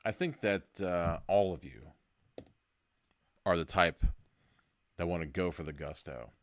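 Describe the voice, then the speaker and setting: A man's voice: low voice, unhurried. A man hosting a podcast, reading a gamebook aloud for laughs and ad-libbing jokes. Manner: jokey, ad-libs and laughs at his own lines; drops to a hushed spooky murmur. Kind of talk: comedic storybook reading.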